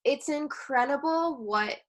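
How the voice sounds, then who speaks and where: A woman in her thirties, a guest expert talking gently and earnestly in a casual interview about coping as a mother. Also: high-pitched, takes it slowly. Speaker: guest expert on maternal mental health.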